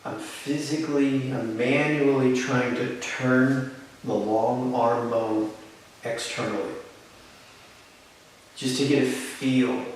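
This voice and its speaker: A man teaching a live yoga class, giving calm, encouraging step-by-step cues. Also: medium pitch, recorded from a distance. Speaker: yoga instructor. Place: yoga studio. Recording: very echoey room, voice from off-mic, faint hiss.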